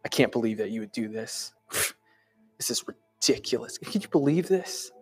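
A man's voice: mid-range voice, expressive, normal speed, soft background music, pitched below the performer's own voice, natural voice. A man voicing a resentful grown older son who complains in whiny, indignant outbursts.

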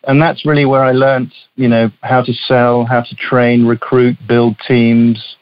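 A man's voice: mid-range voice, little pitch movement, unhurried, no echo, muffled recording. English man telling his story. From southeast England. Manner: chatty storyteller with small restarts. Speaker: guest, company CEO. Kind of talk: casual interview chat.

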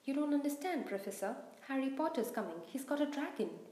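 A woman's voice: sits high, big pitch swings, fairly quick, dark tone, pitched above the performer's own voice. A woman voicing a spiteful schoolboy who pleads his case to a teacher, in a roomy-sounding recording. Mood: pleading. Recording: roomy echo.

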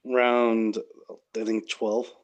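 Male podcast host, measured, steers the conversation. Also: on the low side, little pitch movement, dull audio. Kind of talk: casual podcast chat.

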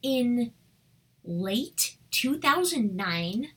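A woman's voice: a little high, big pitch swings, extremely slow, fairly bright tone, husky. A woman guest in her thirties, an actress and singer, chatting animatedly with many "like"s. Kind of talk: casual chat. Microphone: budget desktop USB microphone.

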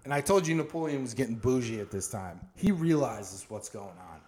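A man's voice: mid-range voice, fairly quick. A man co-hosting a casual podcast, retelling history with acted-out quotes and plenty of swearing. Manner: animated storyteller, acts out what people said, swears a lot. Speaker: podcast co-host. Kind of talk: casual storytelling chat.

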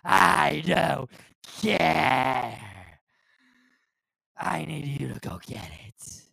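Guy putting on a loud growly bossy wrestling boss, gravelly and dry, big swings in pitch. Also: animated, extremely slow, no room sound, full character voice, rough recording. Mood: bossy shouting. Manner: loud, growling, shouting orders. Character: gruff bossy older male wrestling boss.

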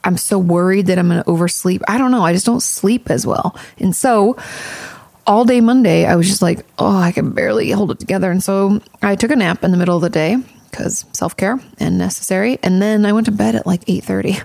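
A woman's voice: mid-range voice, a little fast, creaky, darkish tone, dry recording. A woman podcast host and therapist giving candid, chatty advice and swearing casually.

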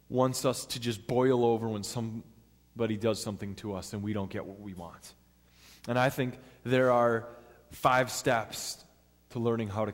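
A man preaching a sermon in an earnest, step-by-step teaching manner. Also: fairly low pitch. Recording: long hall reverb.

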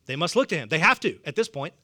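A man's voice: on the high side, sing-song, fast, sharp tone. A man with a Southern US accent preaching a sermon, humorous and conversational, chuckling often. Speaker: pastor.

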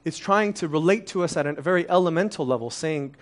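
A man's voice: fairly high pitch, quick pace. A man in his thirties, originally from Korea, preaching a conversational sermon full of rhetorical questions. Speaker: pastor.

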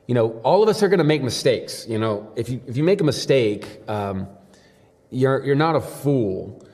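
A man's voice: mid-range voice, expressive, moderate pace, darkish tone. A young man giving a devotional sermon as a pastor, talking casually and telling stories with many fillers. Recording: long hall reverb.

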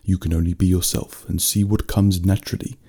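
A man voicing a calm, wise mentor who encourages children, in a bedtime story. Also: deep voice, fairly quick, husky.

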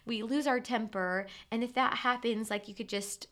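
A woman's voice: on the high side, fairly even intonation, moderate pace, a bit bright. A woman in her thirties hosting a solo podcast, talking in a casual, conversational way with many filler words. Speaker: podcast host.

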